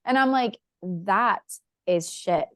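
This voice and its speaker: A woman with a medium-pitched voice co-hosts a casual reality-TV podcast, taking things slowly as she chats, laughs, and swears now and then. The recording is dry and studio quality.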